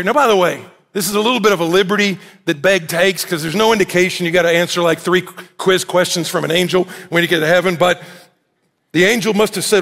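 A man preaches in a fairly high voice, swinging into lively acted-out voices as he tells the story. His words ring out through a church sanctuary with a long hall echo. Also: fast, creaky. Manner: animated storytelling, acts out quoted voices. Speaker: pastor. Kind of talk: sermon.

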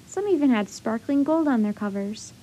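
A woman storyteller reading a children's chapter book aloud with steady, expressive narration. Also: on the high side, moderate pace, slightly rough.

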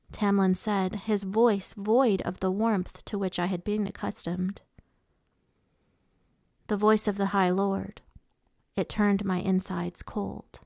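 A woman narrating a novel in the first person, in a measured reading voice. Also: medium pitch, flat delivery, vocal fry, a little mellow, no echo, studio quality. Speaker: audiobook reader.

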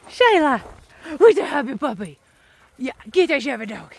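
A woman out on a trail with a big group of dogs, chatting casually to the camera. Her voice sits high and swoops all over as she switches into a sing-song tone to praise and call the pack. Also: sing-song, measured pace, creaky, long pauses, slightly rough. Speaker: dog walker. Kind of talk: casual vlog narration while walking dogs. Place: outdoors on a trail near a river.

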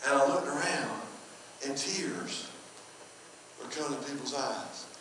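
Southern pastor preaching in an echoey hall. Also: male voice, mid-range voice, animated, measured pace, noisy background. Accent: Southern American. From North Carolina. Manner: folksy storytelling, repeats phrases for emphasis. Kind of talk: sermon. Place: church sanctuary. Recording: echoey church hall from far off.

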